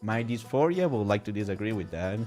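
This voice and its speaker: A male streamer chatting emotionally and excitably while gaming, with sudden high outbursts. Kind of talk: casual live-stream chat while gaming.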